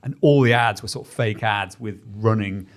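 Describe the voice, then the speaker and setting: A man's voice: on the low side, normal speed. A man chatting casually in a panel, rambling through an old story. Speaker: podcast panelist. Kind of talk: casual chat.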